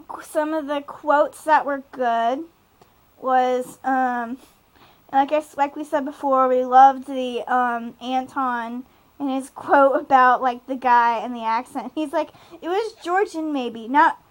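Taking it slowly, a young adult woman with a high voice and fairly even intonation chats on a rough recording. She co-hosts a casual podcast recapping a TV episode, her talk rambling and giggly, packed with fillers.

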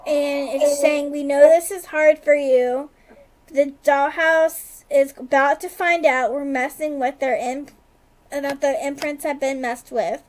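A woman with a high, bright-sitting voice chats casually as a podcast co-host. She tells the story in a loose, rambling way, stringing events together with "like" and quick asides. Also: steady tone, slight background noise. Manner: rambling retelling, heavy use of "like", quick asides. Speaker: podcast co-host recapping a TV episode. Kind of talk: casual chat.

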